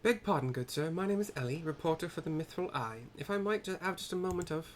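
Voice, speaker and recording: A man's voice: a little high, expressive, quick pace, slight background noise, pitched above the performer's own voice, close to an everyday voice. A man voicing an eager young female reporter in a game cutscene, polite but probing. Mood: inquisitive. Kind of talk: game cutscene voice acting by a narrator.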